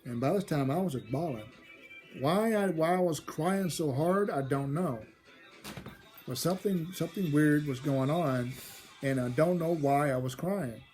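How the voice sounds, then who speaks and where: A man's voice: fairly high pitch, normal speed, darkish tone, faint music behind. A man telling a personal story from his childhood, rambling and often repeating and restarting his phrases. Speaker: storyteller host.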